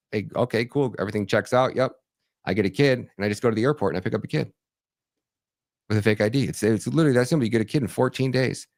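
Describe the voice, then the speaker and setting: A man with a fairly low voice explains a process step by step in a conversational interview. He speaks earnestly and often restarts mid-sentence, tagging points with "right?". The sound is dry and close, with little room echo. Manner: earnest, animated storytelling with frequent restarts and "right?" tags. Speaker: podcast guest, documentary filmmaker.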